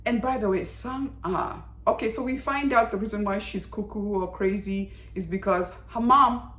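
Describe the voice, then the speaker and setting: A woman talking casually to camera as she reviews a TV drama, animated and exclamatory, and she acts out characters' lines. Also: medium pitch, moderate pace. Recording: echoey room.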